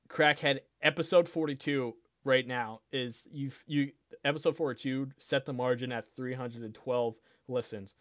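Young male podcast host, loose and excitable, swears freely, slightly dull dry mic. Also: mid-range voice, normal speed, no echo. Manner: rambling, swears a lot, excitable, laughs often. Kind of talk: casual solo podcast chat.

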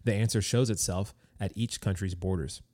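Deep, mellow-voiced male podcast host. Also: steady tone, moderate pace, dry recording, studio quality. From United States. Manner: friendly, easygoing, with fillers and restarts. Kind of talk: conversational podcast interview.

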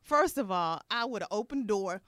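A woman's voice: medium pitch, expressive, measured pace, a bit bright, dry recording, clean studio sound. A woman co-hosting a podcast, chatting casually, swearing and laughing easily. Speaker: podcast co-host. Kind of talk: casual chat.

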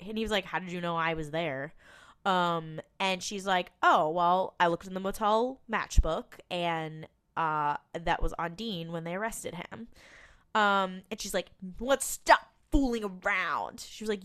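A woman's voice: on the low side, a bit bright, clear, resonant tone. A woman co-hosting a podcast, chatting casually as she retells scenes with quoted lines and the odd swear. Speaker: podcast co-host. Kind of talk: casual recap chat.

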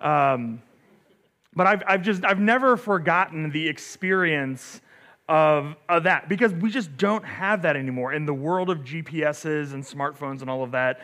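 A middle-aged man, a pastor, telling a story in a relaxed sermon, full of fillers and restarts, often asking "right?". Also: fairly high pitch, a little slow.

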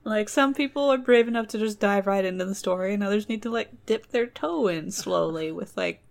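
This woman's voice is mid-range, brisk and creaky. As a storyteller host, she reads a folk tale aloud but keeps wandering into joking digressions, sometimes trailing off mid-thought, in a casual storytelling style.

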